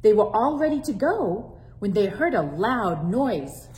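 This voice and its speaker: Librarian lady reading a kids' story out loud, slow and lively, lots of ups and downs. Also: mid-range voice, slight background noise. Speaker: children's librarian. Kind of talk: storybook read-aloud.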